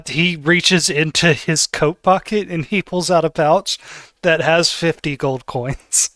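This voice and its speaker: A man's voice: a little high, fairly bright tone, no echo, clean studio sound. A man narrating a tabletop game as game master, describing scenes in a casual way. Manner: casual, descriptive, often laughing.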